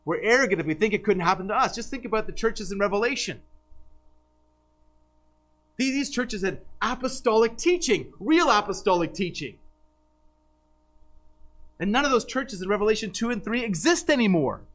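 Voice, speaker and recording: A man's voice: high-pitched, expressive, normal speed, long pauses, fairly bright tone, rough recording. A man preaching a sermon as pastor, earnest and emphatic, with frequent restarts.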